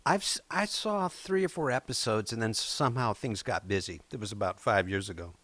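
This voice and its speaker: A man's voice: on the low side, expressive, brisk, fairly bright tone. Friendly, laughing man chatting casually. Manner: friendly, laughing, self-deprecating. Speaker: regular guest. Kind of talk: casual chat.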